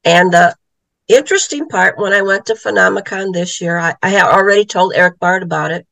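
A middle-aged woman with a gravelly, creaky edge to her voice tells a story as an interview guest. She leaps into the voices of the people she quotes, and the sound is dry and close. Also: on the low side, a little fast, fairly bright tone, no room sound, rough recording. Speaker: guest, author and psychic medium.

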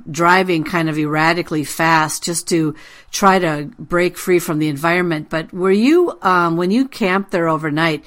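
A woman with a slightly low voice hosts a relaxed interview. She asks her guest questions and often drifts into long stories of her own, spoken in an easy, conversational way. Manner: chatty, breaks into her own anecdotes. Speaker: interview host. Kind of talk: casual interview chat.

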